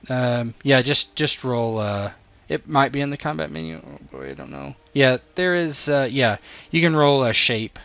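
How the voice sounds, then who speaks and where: A man running a tabletop game, his bright, gravelly voice relaxed and chatty. He narrates combat casually, with a few hesitations while he sorts out the rules. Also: medium pitch, normal speed, hardly any pauses, dry recording. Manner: casual, voices characters with sudden loud shifts. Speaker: game master.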